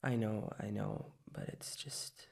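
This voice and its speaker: A woman's voice: a bass voice, fairly even intonation, slow pace, creaky, a little mellow, breathy edge, heavily acted. A woman in whispered role-play as a young adult girlfriend, talking in a hesitant, rambling way with lots of restarts. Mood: sleepy, tender.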